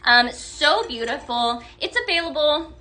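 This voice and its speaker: A young woman hosting a live-stream sale in a bright, lightly raised voice. She talks in a chatty, gushing way, with filler words, and greets viewers by name as she shows products. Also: high-pitched, lively intonation, a little slow. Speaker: live sales host.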